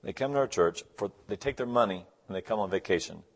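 A man, a guest pastor, giving a sermon in a church, telling stories and acting out conversations with lively, animated delivery. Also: on the low side, fast, husky. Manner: animated storyteller, acts out dialogue in the joke. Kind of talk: sermon with storytelling.

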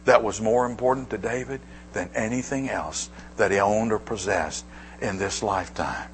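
A male pastor preaching a sermon, dropping to hushed asides and rising to emphatic declarations. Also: lowish voice, moderate pace, slight background noise.

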